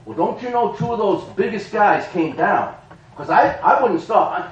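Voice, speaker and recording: A middle-aged man preaching a sermon in a church, animated, rising to shouts and breaking into laughter. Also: high-pitched, normal speed, poor audio.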